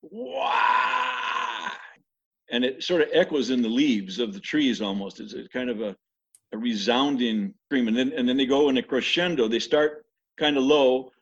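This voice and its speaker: A man's voice: mid-range voice, moderate pace, slightly rough. An older man casually recalling stories of a pet animal, rambling with restarts. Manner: rambling, many restarts, imitates animal screams. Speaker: interviewee recalling mission life. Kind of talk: casual storytelling. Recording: dull lo-fi recording.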